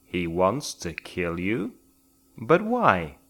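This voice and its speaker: A man voicing a calm male private detective in his own low, measured voice. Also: full character voice.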